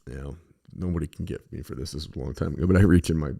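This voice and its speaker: A rumbling low, creaky yet warm voice belongs to this middle-aged podcast host from the American West, who talks very fast. His monologue is a relaxed, profane string of stories full of fillers.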